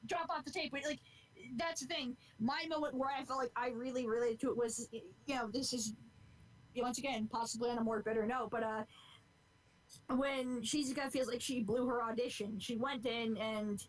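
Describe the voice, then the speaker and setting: A woman's voice: fairly high pitch, fairly even intonation, moderate pace, poor audio. A woman in her twenties chatting on a podcast, earnest and rambling, swearing freely as she goes. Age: 20s. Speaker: podcast co-host. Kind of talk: casual chat.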